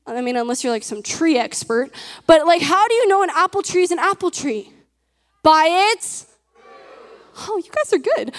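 A woman preaches with a high voice and an earnest, emphatic delivery, often turning questions on her audience. Her words ring out through a large hall with a long echo behind them. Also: lively intonation, normal speed. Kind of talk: sermon.

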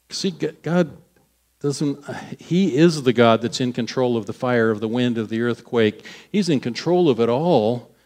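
A man's voice: mid-range voice, a little mellow. A man preaching a sermon, retelling a scripture story with acted-out voices, restarting phrases and laughing at himself.

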